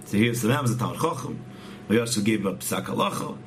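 A man's voice: fairly low pitch, animated, fast, slight background noise. A man earnestly telling a religious story, often repeating words and restarting phrases as he goes. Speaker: storyteller teaching a religious tale.

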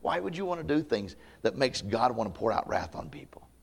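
A man pastor preaching a camp meeting sermon to a congregation, conversational and folksy, with humor and loud emphatic peaks. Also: medium pitch, very animated, a little fast, creaky, breathy edge. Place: church meeting before a live congregation.

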